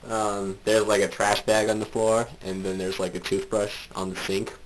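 A young man on the low side, with little pitch movement and a moderate pace, takes part in a casual voice chat as a podcast guest from a small bathroom at home. Laughing often, he makes crude jokes, recorded on a loud, noisy voice chat mic up close.

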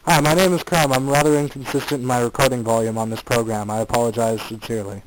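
A man's voice: medium pitch, fairly even intonation, fast, slight background noise, low-quality recording. A man co-hosting a casual comedy podcast, riffing playfully and laughing at the jokes. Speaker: podcast co-host.

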